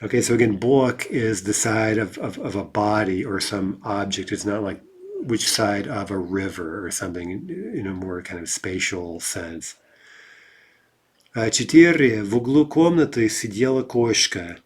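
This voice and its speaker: Man, husky voice, lowish pitch, casual teacher, reads example sentences then explains, keeps asking "right?". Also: expressive, moderate pace. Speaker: Russian language teacher.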